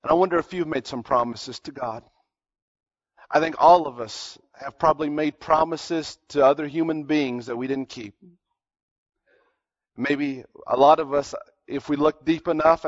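A man preaching a sermon, telling a story earnestly, dropping his voice low and then rising for emphasis. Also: normal speed. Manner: earnest storytelling, drops to near-whispers and rises for emphasis. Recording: dull lo-fi recording.

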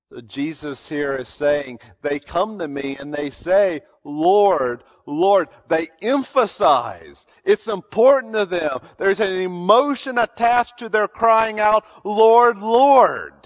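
A man preaching an expository sermon in an earnest teaching tone, often pausing on fillers and restarting his sentences. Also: a little high, muffled recording.

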